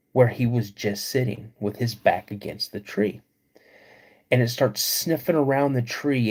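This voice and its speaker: A man hosting a live podcast, retelling a creepy encounter slowly with dramatic pauses. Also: medium pitch, a little mellow, slightly rough. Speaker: podcast host.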